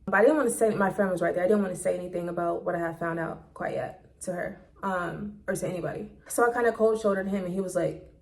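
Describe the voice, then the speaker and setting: A woman's voice: lowish voice, quick pace. A woman vlogger telling a personal story in a casual monologue, candid and blunt, swearing freely, recorded on a phone.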